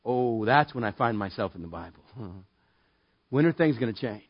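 A man preaching a sermon in a casual, joking way that builds to loud, emphatic passages. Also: mid-range voice, expressive, moderate pace, husky, no echo, lo-fi sound. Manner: conversational, jokey, rising to loud emphatic preaching. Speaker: pastor.

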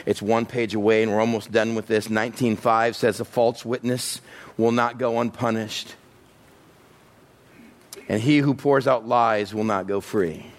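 A man preaching a sermon, joking and acting out quick bits of everyday talk. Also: on the low side. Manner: animated, joking, acts out little voices. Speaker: pastor.

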